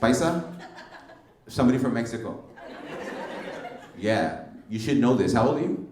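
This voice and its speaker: A man's voice: mid-range voice, lively intonation, normal speed, a little mellow. A middle-aged male stand-up comedian doing brash, teasing crowd work with plenty of slang. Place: comedy club stage. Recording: roomy club sound from a distance. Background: audience laughter.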